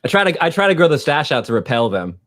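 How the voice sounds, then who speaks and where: Male podcast co-host, lively and chatty, laughs a lot, swinging pitch. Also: fast. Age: adult, high school teacher. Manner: animated, laughs often, chatty. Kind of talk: casual podcast chat.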